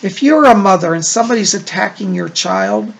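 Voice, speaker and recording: A man hosts a casual psychic-reading show and answers viewer letters one by one. His voice swings widely in pitch and carries a gravelly edge. He talks in a chatty, reassuring way, leaning on "like" and "you know.". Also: huge pitch swings, fairly quick. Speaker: psychic medium host.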